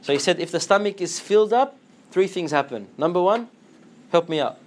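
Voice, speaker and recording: A man giving an animated Islamic lecture, slipping into Arabic phrases and acting out quotes in a lower voice. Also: a little fast. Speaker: Islamic teacher. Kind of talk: lively lecture to students.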